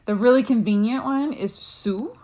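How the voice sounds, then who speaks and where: A woman's voice: fairly high pitch, moderate pace, warm tone. A woman, a Spanish teacher, patiently explaining a lesson with frequent ums. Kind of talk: recorded classroom lesson.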